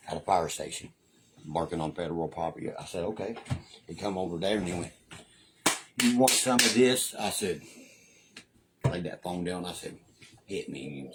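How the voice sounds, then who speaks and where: A young West Virginia man with a very low, deep voice rants on a livestream, boastful and full of curses. His accent is broad and country, and he keeps checking in with "you know what I mean". A faint hiss of noise sits under the recording. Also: a little mellow. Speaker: live streamer. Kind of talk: casual ranting livestream.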